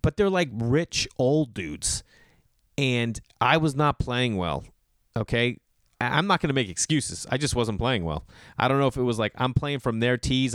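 A man's voice: mid-range voice, a bit bright, smooth, dry recording, studio quality. A male comedian telling casual stories, acting out the people in them with raised, exasperated voices. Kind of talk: casual storytelling.

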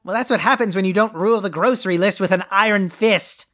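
A woman's voice: medium pitch, fast, close to an everyday voice. A woman playing a pompous, greedy, deposed male overlord in a comedy audio play, with a grandiose, haughty delivery. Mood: smug. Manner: grandiose, haughty and theatrically dry.

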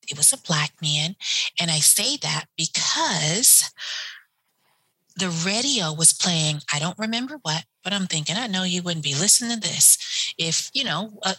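Husky-voiced hospice nurse telling a story. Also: female voice, fairly low pitch, no room sound, rough recording. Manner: animated, acts out voices in her story. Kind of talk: personal storytelling.

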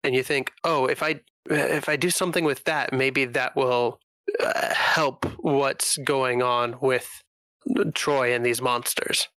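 A man narrates the scene as game master, taking his time and pausing on fillers. His voice is bright and smooth. The recording is close and dry. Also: mid-range voice, little pitch movement, no echo, poor audio. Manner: halting, filler-heavy narration.

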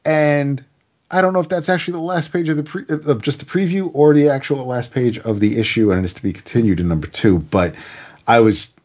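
A man's voice: medium pitch, brisk, darkish tone, highs cut off. A man casually reviewing a comic, recapping the plot in a rambling way with stammered restarts.

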